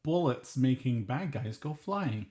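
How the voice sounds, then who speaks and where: A man's voice: medium pitch, animated, unhurried, dark tone. Laid-back man chatting about movies. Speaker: podcast co-host. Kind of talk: casual film review chat.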